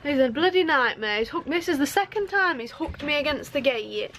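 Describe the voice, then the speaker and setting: A woman's voice: sits high, animated, brisk, fairly bright tone, slight background noise. A woman co-hosting a sailing vlog, chatting casually and teasing her partner while she films outdoors. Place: outdoors in a harbour town and on a marina pontoon.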